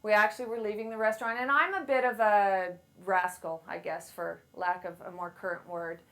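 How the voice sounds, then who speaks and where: A woman's voice: mid-range voice, steady tone, brisk. A middle-aged woman giving a playful, self-deprecating motivational talk to a live audience on a handheld mic. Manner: playful, self-deprecating storyteller who acts out quotes loudly. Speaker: speaker at a women's event.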